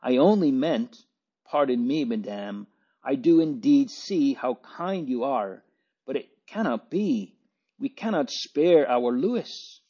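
A man's voice: medium pitch, expressive, slow pace, warm tone, slightly rough, pitched above the performer's own voice. A man reading an audiobook, voicing a distressed, polite young lad who speaks hastily and stammers. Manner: stammering, hasty. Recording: dull lo-fi recording.

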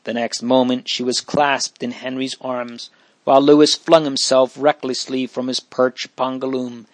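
A man reading an old-fashioned storybook aloud at a steady, measured pace. His pitch sits in the middle of the usual range. The recording is close and dry, with no echo. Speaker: narrator. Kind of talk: storybook audiobook narration.

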